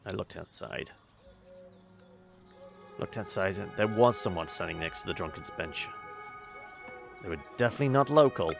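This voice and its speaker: A man reading a visual novel aloud, halting, with many fillers and self-corrections. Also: fairly low pitch, gravelly. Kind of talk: reading game text aloud with asides.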